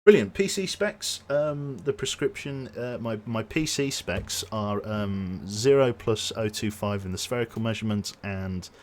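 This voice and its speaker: In an unhurried, darkish, lowish voice with hardly any pauses, a Brummie game streamer from Birmingham, England, winds down his stream over a little hiss or hum. Frequent chuckles punctuate his rambling, self-interrupting chat, and his voice sounds exhausted and strained, almost gone.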